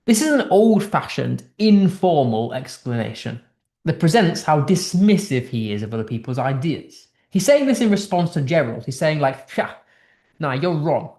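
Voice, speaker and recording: A man's voice: a little high, sing-song, normal speed, mellow. Chatty tutor man in an echoey room. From United Kingdom. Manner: chatty, explaining text line by line, with restarts. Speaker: English literature tutor. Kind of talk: casual online lesson.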